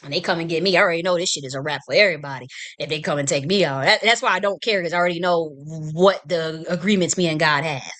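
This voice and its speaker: A woman's voice: sits low, fast talker, a bit bright. A woman hosting a livestream, delivering a heated, profane political rant full of restarts and repetition. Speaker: livestream host. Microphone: streaming mic.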